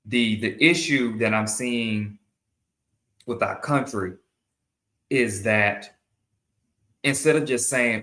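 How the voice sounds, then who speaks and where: A man's voice: mid-range voice, slow pace, pauses often, bright, forceful tone, roomy sound. A man hosting his own show, giving earnest opinion commentary in a monologue and often repeating and restarting his phrases. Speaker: show host.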